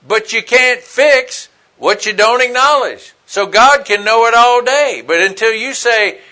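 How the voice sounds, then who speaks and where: High, bright-voiced man preaching casually. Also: measured pace. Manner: casual, plain-spoken, fillers like "you know" and "man". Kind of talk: conversational sermon.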